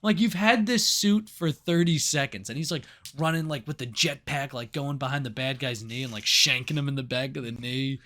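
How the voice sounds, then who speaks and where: Co-hosting a laid-back movie review podcast, this man talks at medium pitch and moderate speed with hardly any pauses. He curses without restraint and performs scenes in animated voices as he recounts them.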